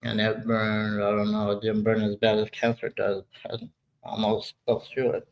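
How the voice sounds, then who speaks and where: A man's voice: on the low side, monotone, moderate pace, rough recording. A sixty-year-old man hosting a casual live chat, rambling and swearing, often laughing at his own jokes. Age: 60s. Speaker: livestream host.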